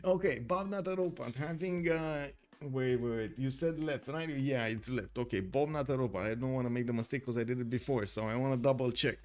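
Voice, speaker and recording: A man casting a strategy game tournament on a live stream, excitable and chatty, talking to his chat. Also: medium pitch, brisk, hardly any pauses. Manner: excitable, chatty, many fillers and restarts. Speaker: tournament caster.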